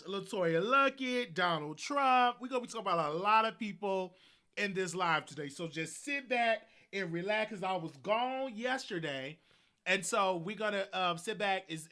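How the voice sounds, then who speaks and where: A man with a Southern US accent hosting a live show, telling a rambling story in a casual, animated way, repeating himself and laughing often. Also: high-pitched, moderate pace. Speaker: host.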